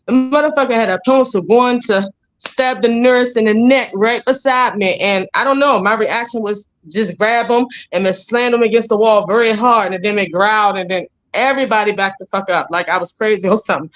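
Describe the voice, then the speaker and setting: A woman's voice: medium pitch, normal speed, dull audio. A woman with a Jamaican accent telling her story as an interview guest, blunt, profane and rambling.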